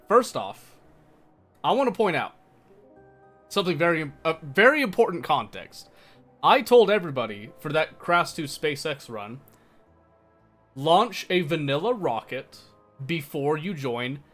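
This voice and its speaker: A young man with a fairly high, bright voice live-streams a game and chats casually with his viewers. He's playful and teasing, putting on a mock-defensive act.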